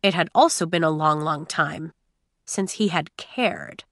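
A woman narrating a novel in measured, expressive storytelling. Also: on the low side, no echo, studio quality. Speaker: audiobook narrator. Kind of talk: scripted narration.

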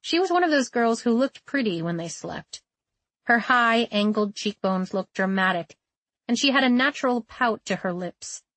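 A woman reading a novel aloud as narrator, in a steady, measured way. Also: on the high side, no echo. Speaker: audiobook narrator. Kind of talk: scripted narration.

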